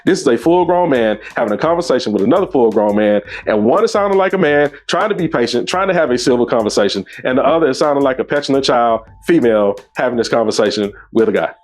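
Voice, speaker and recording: A man's voice: mid-range voice, expressive, quick pace, few pauses. A man hosting his own show, giving opinionated commentary on a debate clip in an emphatic, scornful way that rises sharply when he gets indignant.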